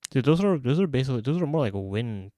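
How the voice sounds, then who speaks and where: A man's voice: mid-range voice, expressive, quick pace, warm tone, no echo. A young man streaming live, chatting loosely as he plays and rambles through restarts and slang. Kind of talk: casual live-stream chat while gaming. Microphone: studio mic with pop filter.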